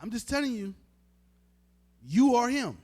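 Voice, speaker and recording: High-voiced man preaching emphatically. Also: very animated, unhurried, mellow. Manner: informal, emphatic, talks straight to the crowd. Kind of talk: street-style sermon teaching.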